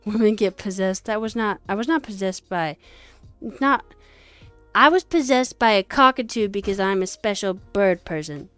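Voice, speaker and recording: A woman streamer chatting casually with her viewers while coding, animated and chatty, with lots of fillers and some swearing. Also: mid-range voice, moderate pace, clear, resonant tone, dry recording, faint music behind. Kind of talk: casual livestream chat with viewers.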